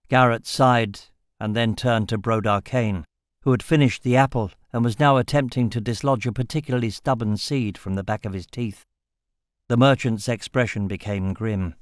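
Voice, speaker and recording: In a dry, studio-quality recording, a man reads a fantasy audiobook with steady, even storytelling. His voice is mid-range and his speed normal.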